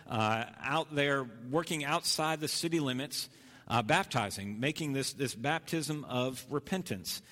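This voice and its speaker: A man's voice: medium pitch, a bit bright. Man preaching in a reverberant hall. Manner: earnest, repeats phrases, frequent restarts. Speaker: pastor. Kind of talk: sermon.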